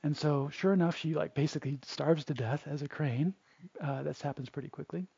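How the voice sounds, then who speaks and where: A man's voice: on the high side, creaky, warm tone, husky, no room sound. A man, a Buddhist monk, retelling a story in a casual, chatty way with fillers, on a dull, dry lo-fi recording. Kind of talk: storytelling dharma talk.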